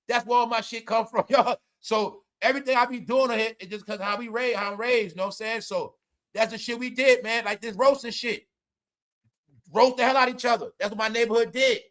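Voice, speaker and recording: A man hosting a livestream, talking loudly in rambling, profane commentary, often saying "y'all". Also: high-pitched. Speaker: livestream host. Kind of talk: profane stream-of-talk commentary.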